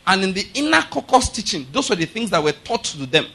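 Forceful high-voiced male preacher. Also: sing-song, fairly quick, creaky. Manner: emphatic, repeats rhetorical questions to the congregation; rises to loud forceful preaching. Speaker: pastor. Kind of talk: sermon.

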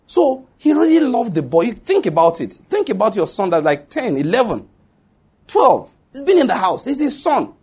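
Male preacher, middle-aged, emphatic, higher voice with a husky edge. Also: very animated, moderate pace, darkish tone. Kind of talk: sermon.

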